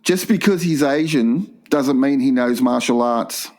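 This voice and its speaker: A man, cohosting a crude comedy podcast, telling stories and doing squeaky voices for the people he quotes. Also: measured pace, darkish tone. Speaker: podcast co-host.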